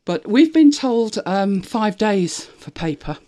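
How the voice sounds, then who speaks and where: A woman chatting casually on a live stream, laughing often and switching to a high sing-song voice when she talks to her dog. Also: lively intonation, takes it slowly, dark tone. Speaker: vlogger.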